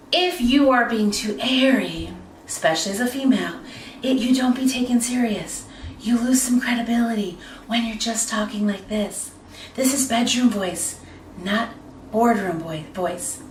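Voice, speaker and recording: A somewhat high-pitched woman teaching vocal technique as a speaking coach, moving her voice between very high and low to show how it works. She sits a bit back from the microphone, and the room gives her voice a noticeable echo. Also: fairly bright tone, far from the mic. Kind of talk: instructional talk with vocal demonstrations.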